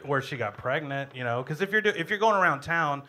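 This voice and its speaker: A man's voice: fairly high pitch, expressive, fairly quick, sharp tone. A man on a comedy club panel, rambling eagerly with joke suggestions. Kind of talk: live comedy podcast chat.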